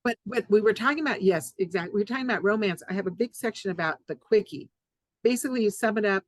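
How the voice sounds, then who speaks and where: A woman psychologist and author, a guest on a podcast interview, telling jokes and reading from her own book in a playful, animated way. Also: mid-range voice, fast, no echo, rough recording.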